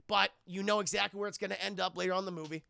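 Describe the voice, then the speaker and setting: A man's voice: high voice, steady tone, racing, vocal fry, sharp tone, no room sound, studio quality. A young man streaming a profane, rambling movie recap, constantly talking to his chat.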